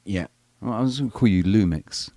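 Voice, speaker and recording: A man's voice: on the low side, fairly quick, warm tone, dry recording. A man hosting a casual live panel chat, rambling, crude and joking. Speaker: live show host.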